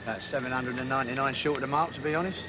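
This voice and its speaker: Brash cockney bricklayer, as an actor plays him. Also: male voice, mid-range voice, fairly even intonation, racing, lightly acted. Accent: London. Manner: brash, jokey. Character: cocky London bricklayer, womanising. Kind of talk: 1980s TV drama acting. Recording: dull lo-fi TV audio with hiss.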